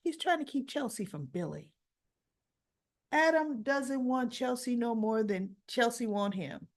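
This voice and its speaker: A woman's voice: fairly high pitch, measured pace. Opinionated woman recapping a soap. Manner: opinionated, animated storytelling; acts out characters' dialogue. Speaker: soap opera recap host. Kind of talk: casual spoken recap.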